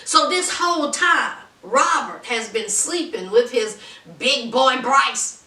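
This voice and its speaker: Brief: sassy woman reviewer, high and bright, teasing and dramatic, recorded a bit far from the mic. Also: animated, slow. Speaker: reality TV reviewer. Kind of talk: casual recap commentary. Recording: roomy echo, distant from mic.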